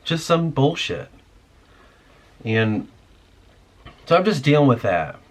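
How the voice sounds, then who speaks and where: A man's voice: mid-range voice, big pitch swings, takes it slowly. Irritated man ranting with heavy swearing. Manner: irritated, profane, rambling. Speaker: podcast host. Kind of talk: casual rant.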